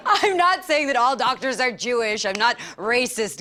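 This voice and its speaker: A woman doing a stand-up comedy act, laughing at her own jokes and filling the gaps with awkward pauses. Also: high-pitched, animated, bright, forceful tone, slight background noise. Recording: live stage with music and audience.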